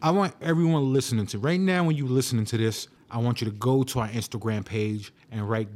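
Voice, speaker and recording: A man's voice: mid-range voice, fairly quick, few pauses, darkish tone. A man from the Bronx with a New York accent, a podcast co-host trading jokes and teasing his friends in casual banter. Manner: wisecracking, teasing.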